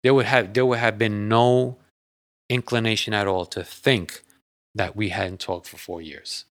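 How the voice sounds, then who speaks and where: A man's voice: fairly low pitch, steady tone, measured pace, fairly bright tone, no room sound, clean studio sound. A man telling a personal story in a casual, rambling, earnest way, often repeating and restarting his words. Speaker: guest sharing a personal story.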